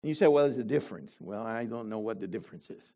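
An older man preaching a sermon to a congregation, animated and full of rhetorical questions. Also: fairly low pitch, fast.

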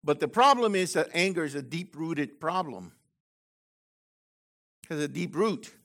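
A man preaching a sermon to his congregation, swinging between loud, emphatic lines and quiet asides, with frequent digressions and restarts. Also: on the high side, expressive, unhurried. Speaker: messianic congregation leader.

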